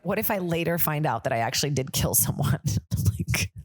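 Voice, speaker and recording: On a clean, dry studio recording, a comedy podcast host talks in a low voice with lively intonation and a brisk pace. Her casual chatter wanders, peppered with "like" and plenty of profanity.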